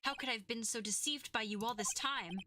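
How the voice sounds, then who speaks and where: A woman's voice: a little high, fairly quick, noisy background, close to an everyday voice. Woman reading a flustered young male lawyer. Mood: shocked. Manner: stammering, indignant.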